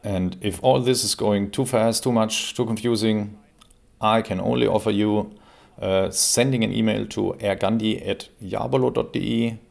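A man, creaky after a cold, explaining an airgun in a relaxed, casual review with plenty of fillers. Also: lowish voice, normal speed. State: recovering from a cold. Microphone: camera mic while seated.

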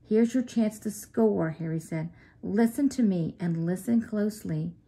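A woman voicing a clever, calm male Airedale dog who talks in a knowing, coaxing way. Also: medium pitch, unhurried, natural voice.

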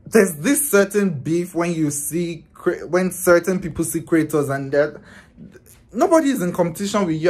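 A man, a vlogger telling a story in an animated, exasperated, profane casual rant. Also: a little high, husky.

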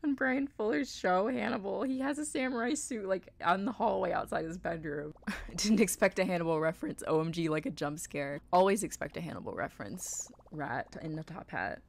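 Female game streamer, slightly low voice, effusive and theatrical in her reactions. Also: animated, brisk, vocal fry, dry recording. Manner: gushing, playful, dramatic reactions. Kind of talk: live-stream commentary.

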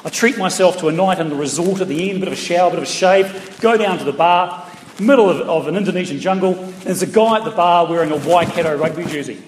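On a large town hall stage, a middle-aged comedian with a New Zealand accent delivers a chatty, story-driven set at a quick pace, his voice high-pitched, with playful remarks to the audience. The sound comes from a distance through the PA stage mic, echoing around the hall, with a little hiss or hum and audience laughter.

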